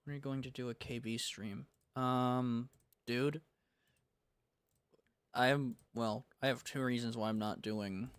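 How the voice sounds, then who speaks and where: A young American game developer chats casually on a livestream, rambling, laid-back and full of slang. His voice is mid-range, with no room sound.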